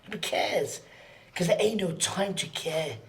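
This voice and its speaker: Earnest man, often sinking into a hush. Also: high-pitched, moderate pace. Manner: often drops to a hushed near-whisper; earnest, slangy, repeats phrases for emphasis. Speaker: podcast guest. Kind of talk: emotional personal storytelling.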